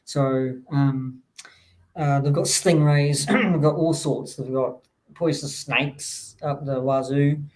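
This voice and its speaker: A man's voice: mid-range voice, steady tone, slow pace, rough recording. A man hosting a casual chat, rambling with lots of ums and restarts. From New Zealand.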